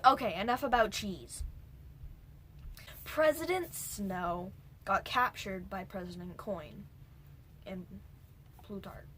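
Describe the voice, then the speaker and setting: A woman's voice: medium pitch, slow pace, long pauses, a bit bright, slight background noise. A young woman casually recapping a movie for her vlog, rambling and jumping between points with whispered asides. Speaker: movie reviewer.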